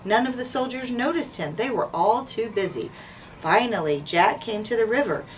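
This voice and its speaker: A woman school principal reading a children's chapter book aloud in a clear, measured way. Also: fairly high pitch, expressive. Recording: distant mic, faint background noise.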